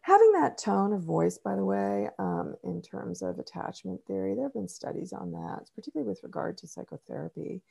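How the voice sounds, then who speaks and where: Brief: middle-aged woman therapist, gravelly and dark-toned, measured interview answers. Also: mid-range voice, sing-song. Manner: measured, explanatory, frequent ums. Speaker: therapist and author.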